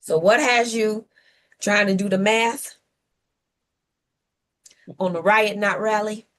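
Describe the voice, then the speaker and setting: A woman's voice: medium pitch, fairly even intonation, takes it slowly, a bit bright. A woman co-hosting a civic talk show, delivering opinionated commentary with sarcastic rhetorical questions and playful whoops.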